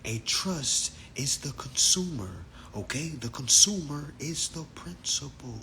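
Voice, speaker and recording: Animated, bright-voiced young man. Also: a little high, a little slow, slight background noise. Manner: animated, profane, laughs a lot. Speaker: livestream host. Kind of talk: casual livestream chat.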